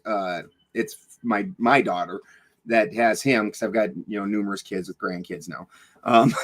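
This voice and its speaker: A man's voice: medium pitch, a bit bright, rough recording. Blunt, rambling middle-aged man. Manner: rambling and blunt, swears freely, many fillers and restarts. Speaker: podcast guest. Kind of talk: casual storytelling interview.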